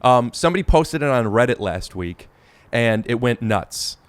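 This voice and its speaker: A man hosts a casual podcast and keeps restarting his sentences as he talks. His voice is smooth and resonant, at an ordinary pitch, and the recording is dry and close to the mic. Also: lively intonation, no room sound. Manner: halting, restarts often. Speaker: podcast host. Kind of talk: casual chat.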